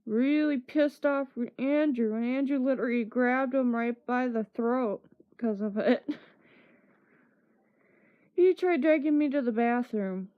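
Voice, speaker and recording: Slow-talking woman telling a story. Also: fairly high pitch. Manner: acts out quotes with laughs. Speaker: streamer. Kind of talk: casual storytelling. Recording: dull lo-fi stream audio.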